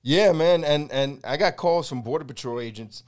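Middle-aged American man, podcast host, lively storyteller who acts out every quote and swears freely. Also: fairly high pitch, moderate pace. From United States. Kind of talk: casual storytelling chat.

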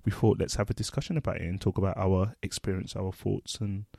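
A man's voice: deep voice, little pitch movement, fast talker, gravelly, warm tone, no room sound, clean studio sound. A man co-hosting a casual podcast among friends, who rambles through playful analogies and laughs often. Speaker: podcast co-host, social worker. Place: home front room.

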